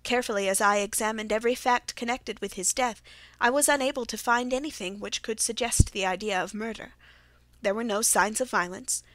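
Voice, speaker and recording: A woman reading a classic story aloud as an audiobook, in a steady, measured first-person telling. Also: a little high, no echo. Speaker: audiobook narrator.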